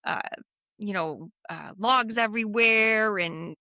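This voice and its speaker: Bright, chatty middle-aged woman. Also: medium pitch, takes it slowly, dry recording, clean studio sound. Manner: retells scenes acting out lines, laughs often. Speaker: podcast co-host. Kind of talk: casual film rewatch chat.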